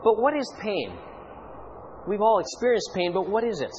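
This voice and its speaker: A man preaching a sermon in an animated, rhetorical way with playful asides. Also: high voice, moderate pace, muffled recording, a little hiss or hum.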